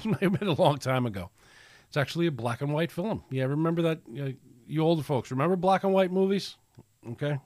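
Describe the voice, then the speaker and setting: A man's voice: medium pitch, darkish tone, no echo, studio quality. A man hosting a casual solo podcast, rambling and preachy, with many restarts and fillers. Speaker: podcast host.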